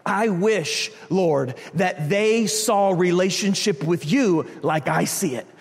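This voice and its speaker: A man preaching a sermon as a pastor, animated, acting out quotes. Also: sits high, takes it slowly, gravelly, soft background music. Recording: reverberant hall.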